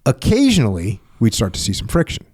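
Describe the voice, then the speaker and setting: A man's voice: lowish voice, huge pitch swings, brisk, a little mellow, husky. A middle-aged man hosting a podcast, telling stories casually and acting out quoted voices with emphasis. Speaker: podcast host. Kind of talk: casual conversational storytelling.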